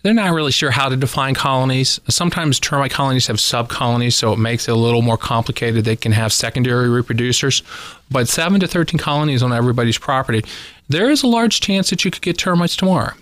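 A man's voice: medium pitch, fast talker, dry recording. A man speaking as a guest expert on a radio talk show, telling stories with lots of "uh" fillers. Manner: animated storyteller, many "uh" fillers. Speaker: pest control guest expert.

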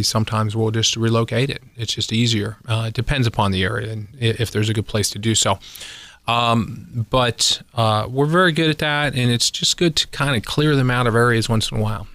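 A man's voice: mid-range voice, steady tone, normal speed, a bit bright, no room sound. A man, a pest control technician, telling a rambling story as a radio guest, with lots of ums and chuckles. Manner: rambling, chuckling, many fillers. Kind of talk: casual radio interview storytelling.

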